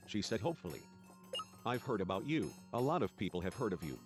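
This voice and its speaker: A man's voice: lowish voice, big pitch swings, a little fast, over music. A man reading game dialogue and narration aloud in a let's play.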